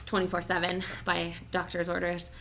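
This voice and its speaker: A woman's voice: lowish voice, monotone, moderate pace, gravelly, a bit bright, a little hiss or hum. A young woman hosting a podcast, telling a personal story in a chatty, emotional way full of "like". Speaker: podcast host. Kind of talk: casual podcast chat.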